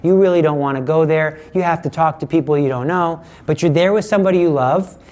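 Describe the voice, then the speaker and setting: A middle-aged man giving a conversational sermon, teaching with lively examples and acted-out quotes. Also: on the high side, fast. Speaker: preacher.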